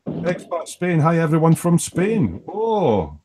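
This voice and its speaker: A man's voice: on the high side, big pitch swings, slow, background noise. A man with an Edinburgh Scottish accent hosting a live online hangout, chatting casually and reading out viewer comments with teasing, rambling asides. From Scotland.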